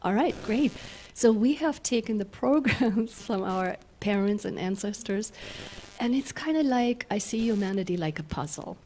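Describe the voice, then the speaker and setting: A woman minister gives a gentle spiritual talk in a middle-range voice, laughing often as she leads her listeners through slow breaths. A faint hum of room noise sits behind her. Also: mid-range voice, lively intonation. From German-speaking Europe. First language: German. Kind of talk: spiritual talk with guided exercises.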